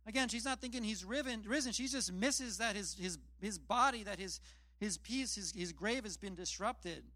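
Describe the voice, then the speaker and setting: In another casual sermon, the pastor recounts scripture in a conversational storytelling style, dropping in jokes at his own expense. The voice is high, bright, and forceful at a moderate pace, recorded with no room sound.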